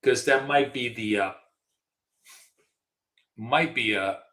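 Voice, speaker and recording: A man's voice: mid-range voice, slow pace, pushed and bright, roomy sound. A middle-aged man co-hosting a live trading stream, talking casually with lots of fillers and restarts. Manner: chatty storyteller, frequent fillers and restarts. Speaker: trading show co-host.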